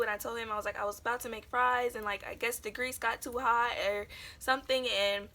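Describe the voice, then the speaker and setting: A woman's voice: on the high side, fairly even intonation, fast talker, sharp tone. A young adult woman vlogger telling a personal story in a casual, chatty way, full of fillers. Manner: chatty, meandering with lots of fillers.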